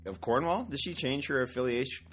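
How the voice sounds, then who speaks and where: A man co-hosting a podcast in casual chat, joking around and dropping into quick impressions. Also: mid-range voice, a bit bright, faint music behind. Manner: chatty, quick to joke and do impressions. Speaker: podcast co-host.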